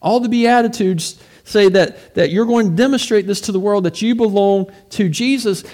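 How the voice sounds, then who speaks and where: A man's voice: high voice, normal speed, darkish tone. A man, a pastor, preaching a sermon in a conversational way, asking rhetorical questions and often repeating words as he goes.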